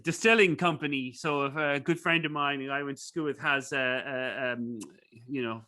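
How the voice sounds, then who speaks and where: A man's voice: medium pitch, steady tone, moderate pace, pushed and bright. A man with an Irish accent, a guest in a casual interview, rambling through stories with many fillers and restarts. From Ireland. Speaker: guest, business professor.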